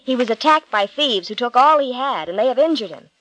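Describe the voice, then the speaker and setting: A woman voicing a kind male Samaritan, speaking gently in a lowered voice. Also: expressive, fairly quick, poor audio.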